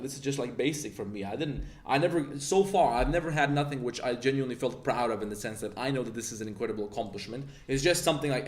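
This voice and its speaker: A man giving an intense motivational rant, blunt and confrontational, swearing often as he pitches his mentorship course. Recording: roomy echo.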